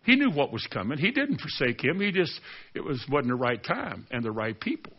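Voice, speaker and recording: A man preaching a sermon, reading scripture aloud and urging his congregation with passion, rising to near-shouting and dropping low. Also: big pitch swings, a little fast, husky, dull audio.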